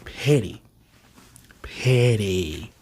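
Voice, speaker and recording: A man hosts a casual manga reaction. He talks in an animated, slangy way and laughs often. His voice is husky, his pitch jumps widely, and he takes his time between bursts. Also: extremely slow.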